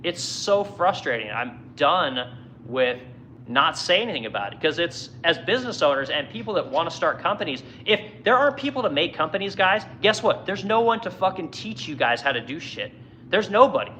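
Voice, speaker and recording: A man's voice: a little high, sing-song, moderate pace, sharp tone, slight background noise, poor audio. A man who owns a furniture business, ranting angrily and swearing constantly in a heated monologue. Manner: profane, angry, heated. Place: furniture workshop in Missouri.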